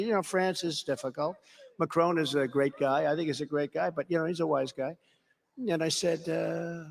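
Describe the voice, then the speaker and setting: An older man giving a rambling, boastful rally speech, repeating phrases and swinging between quiet asides and shouted emphasis. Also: fairly high pitch, fairly even intonation, a little fast, gravelly, long reverb tail. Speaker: political speaker. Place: political rally.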